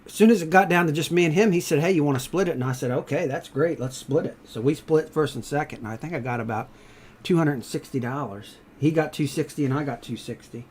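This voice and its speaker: A man's voice: fairly high pitch, fast, a little hiss or hum. Middle-aged man telling stories casually. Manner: storytelling, swearing freely, rising loud when excited. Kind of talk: casual chat.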